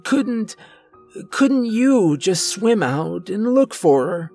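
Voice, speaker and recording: A man's voice: high voice, very animated, slow, gravelly, a little mellow, faint music behind, voice pushed up, heavily acted. A man voicing a frantic, weeping old man of about eighty who pleads through tears. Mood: despairing. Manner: wailing, pleading, tearful.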